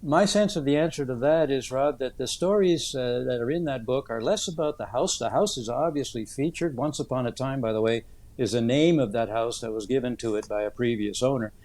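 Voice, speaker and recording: Telling stories in an interview, a septuagenarian author comes across as sincere and reflective, his answers full of "uh" pauses. He has a darkish, mid-pitched voice.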